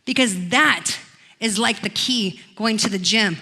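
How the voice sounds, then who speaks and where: A woman pastor preaching a sermon in church, telling stories and rising into loud declarations. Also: medium pitch, a little slow. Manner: storytelling, swells to loud declarations.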